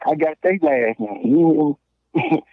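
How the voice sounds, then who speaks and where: A man in his late thirties from Memphis, Tennessee, with a Southern accent, a podcast guest telling stories in a blunt, slangy, animated way with lots of restarts. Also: on the high side, takes it slowly. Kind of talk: casual call-in conversation. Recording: tinny dry phone line.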